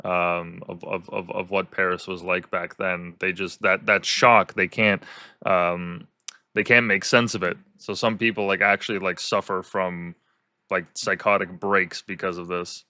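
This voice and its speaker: A man hosting a casual interview podcast, telling animated stories and acting out the people he quotes. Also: sits low, a little slow, dry recording, studio quality. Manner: animated storyteller who acts out quoted people. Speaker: podcast host.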